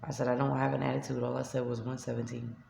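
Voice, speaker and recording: A woman with a New York accent, a shelter resident, vents to camera in a vlog, upset and tearful as she retells an argument. Her voice is rumbling low, fast and creaky with a warm tone and little pitch movement. She's in a shelter room by a street window, with roomy sound and slight background noise.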